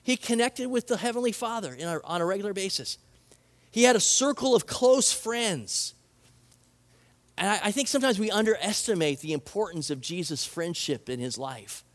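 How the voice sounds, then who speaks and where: High-voiced man preaching earnestly. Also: lively intonation, moderate pace. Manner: earnest and conversational, with emphatic repetition. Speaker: pastor. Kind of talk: sermon.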